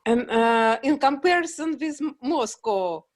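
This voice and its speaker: A woman student asking a question on a video call, halting with many uhs. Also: high voice, lively intonation, dry recording, studio quality.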